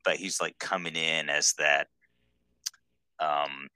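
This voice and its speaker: A man's voice: rumbling low, steady tone, takes it slowly, sharp tone, clean tone, dry recording. A man co-hosting a podcast in casual chat, enthusiastic and rambling with lots of fillers. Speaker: podcast co-host.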